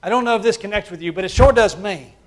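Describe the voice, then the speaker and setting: A man preaching a sermon to his church, swinging between loud, fervent passages and quiet, hushed ones. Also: high-pitched, quick pace. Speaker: pastor.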